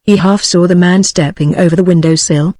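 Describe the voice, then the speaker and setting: A text-to-speech woman's voice with a British accent, narrating an audiobook in an even synthetic delivery. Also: fairly low pitch, a little fast, dry recording, studio quality. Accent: British English.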